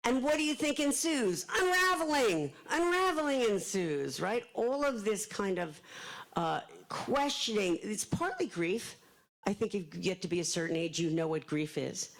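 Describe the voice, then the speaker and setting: An older woman from Philadelphia with a Philadelphia accent, an author giving a fast, chatty, joking live talk at a library event. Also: mid-range voice, expressive, vocal fry, rough recording. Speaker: author speaking to an audience.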